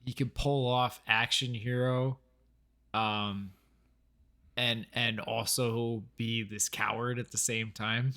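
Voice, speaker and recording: A man's voice: medium pitch, little pitch movement, takes it slowly, sharp tone. A man co-hosting a casual film review podcast, thinking aloud and agreeing easily with his partner. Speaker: podcast co-host.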